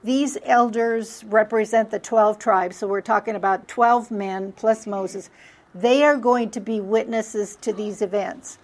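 A woman teaching a Bible study lesson, often asking rhetorical questions and then answering them herself. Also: mid-range voice.

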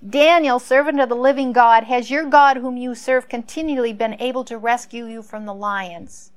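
A woman's voice: medium pitch, little pitch movement, very slow, bright, forceful tone, smooth, heavily acted. A woman voicing an ancient king who leans over a pit and calls down in an anguished, pleading voice.

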